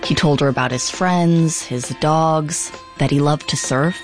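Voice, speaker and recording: A podcast host narrating a documentary script in a measured way and asking the guest probing questions. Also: mid-range voice, soft background music.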